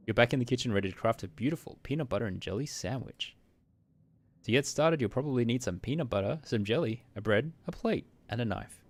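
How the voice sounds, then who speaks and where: A man streaming a visual novel, reading its narration briskly and muttering asides while laughing at himself. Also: mid-range voice, no echo.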